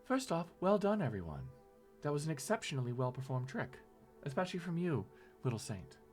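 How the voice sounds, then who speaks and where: A man's voice: on the high side, sing-song, brisk, darkish tone, soft background music, voice pushed up. A man voicing a polite contact who speaks over a phone speaker in a courteous, formal way.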